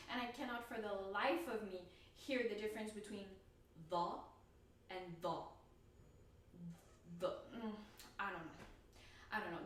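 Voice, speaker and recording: A woman's voice: mid-range voice, fairly bright tone. A woman whose first language is French, talking casually and thinking aloud in a self-deprecating vlog. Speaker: language learner vlogger. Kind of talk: casual explanatory vlog talk. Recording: very echoey room, distant mic, faint noise.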